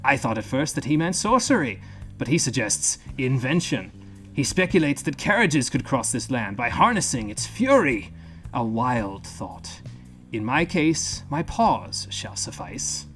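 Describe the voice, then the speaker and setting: Man doing a gravelly, gruff male dog-creature narrator for a game journal; slow, deliberate, lively pitch swings. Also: soft background music. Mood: solemn. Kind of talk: game streamer reading in-game text aloud.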